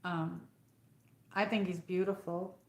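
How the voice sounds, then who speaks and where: A woman's voice: on the low side, level tone, slow pace, echoey room. A woman with an upstate New York accent hosting a rambling, casual live chat and reading out viewer comments. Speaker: livestream host.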